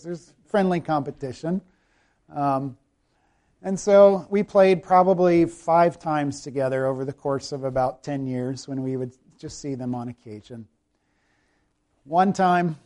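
A man from South Carolina with a Southern accent, preaching a sermon that swings from emphatic scripture passages to relaxed personal storytelling. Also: medium pitch. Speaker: pastor.

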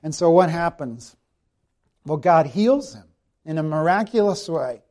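A man preaching a sermon as pastor, explaining scripture with rhetorical questions and slow, deliberate readings of the verses. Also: on the high side, animated, warm tone.

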